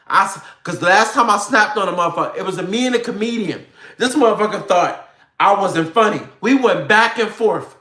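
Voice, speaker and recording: Man doing a fired-up, profane rant straight to his viewers. Bright, edgy voice in a roomy, echoey space. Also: sits high, fairly quick. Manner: animated, profane, slangy, addresses viewers directly. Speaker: online commentator. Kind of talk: ranting talk to viewers. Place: home room with a computer. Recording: roomy echo.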